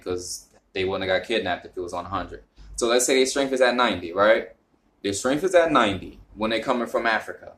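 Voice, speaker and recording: This young vlogger from the northern United States speaks with a New York accent and a slightly bright tone. Talking casually to camera, he rambles with plenty of fillers, and his pitch and volume climb when he starts explaining things.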